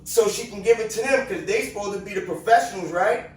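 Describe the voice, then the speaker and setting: A man's voice: high voice, fast, slight background noise. A man giving casual commentary to his viewers, talking emphatically and asking them pointed questions. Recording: echoey room, mic at a distance.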